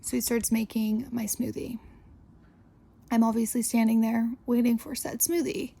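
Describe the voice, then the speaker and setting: A woman's voice: fairly high pitch, flat delivery, normal speed, creaky, dark tone, husky. A young woman hosting a podcast, telling a story casually in a chatty, exasperated way, full of "like". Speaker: podcast host.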